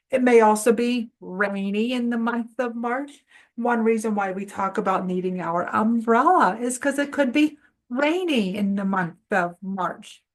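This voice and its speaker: A woman's voice: a little high, a little slow. A woman hosting a preschool phonics lesson, encouraging children to repeat after her and speaking to parents. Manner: encouraging, sing-song call-and-response. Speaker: preschool teacher and show host.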